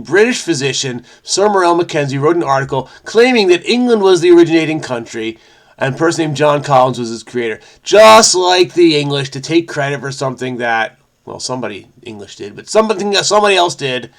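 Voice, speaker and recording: A man's voice: fairly high pitch, a bit bright. A man hosting a crossword video, chatting in a frenetic, rambling way and often interrupting himself. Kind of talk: casual solo commentary.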